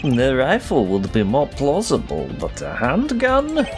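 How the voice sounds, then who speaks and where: A man's voice: medium pitch, huge pitch swings, measured pace, over music, pitched above the performer's own voice. A man voicing a smug young male prosecutor with a put-on German accent, formal and teasing.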